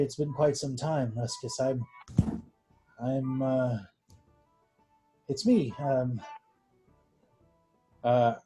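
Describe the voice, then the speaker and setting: A man playing his character in a tabletop game, earnest and formal, often halting. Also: medium pitch, warm tone, poor audio. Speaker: player. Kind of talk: in-character tabletop role-play.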